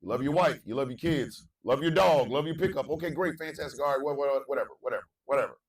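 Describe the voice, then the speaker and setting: A male morning show host, delivering an impassioned monologue, repeating phrases and swinging from low murmurs to shouting. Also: fast talker, recorded from a distance.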